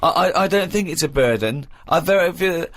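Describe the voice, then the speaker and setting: A man's voice: a little high, animated, brisk, fairly bright tone. A man hosting a radio chat, arguing his point in an exasperated way. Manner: argumentative, exasperated. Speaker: radio host. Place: radio studio.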